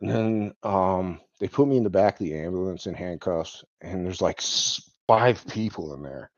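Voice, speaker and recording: A man's voice: sits low, normal speed, no echo. A man telling a personal story in a rambling way, with lots of "like" and "um" and the odd chuckle. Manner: rambling, full of "like" and "um", chuckles now and then. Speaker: vlogger. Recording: dull lo-fi dry recording.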